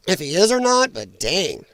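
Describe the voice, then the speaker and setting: A man's voice: sits high, wildly swooping pitch, takes it slowly, dry recording. A man hosting a casual political commentary livestream, blunt and exasperated, with an irritated throat that keeps making him cough. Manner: blunt, exasperated, frequent apologies. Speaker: livestream host.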